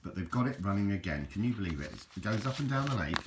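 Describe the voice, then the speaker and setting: A man's voice: on the low side, very animated, quick pace, noisy background. An Englishman, chatting casually over photos in a rambling, hesitant way with frequent restarts. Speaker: video host.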